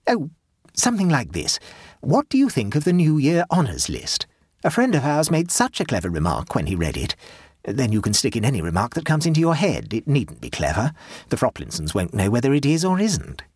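A tired, sardonic Edwardian society wife, put on by a male reader in an audiobook. She speaks with weary defiance and a wry, husky edge. Her voice leaps high and low with lively scorn, close and dry. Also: a little fast, dry recording. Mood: wearily defiant.

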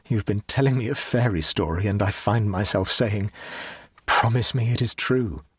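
A man's voice: on the low side, normal speed, fairly bright tone, breathy edge, no echo. A man reading the part of a sensible, skeptical grown man who speaks dryly and with reason. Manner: dry, reasoning. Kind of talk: audiobook character reading.

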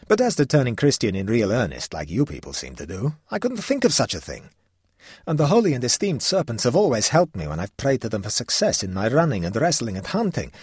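A man's voice: fairly low pitch, a little mellow, breathy edge, dry recording, studio quality, exaggerated voice. A man voicing a petulant, hot-tempered young pagan king who talks in an indignant, haughty, sulky way.

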